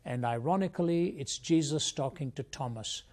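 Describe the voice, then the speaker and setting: A man's voice: medium pitch, moderate pace, a little mellow. An older man from India, a guest speaker, giving an earnest, reflective personal testimony in an interview.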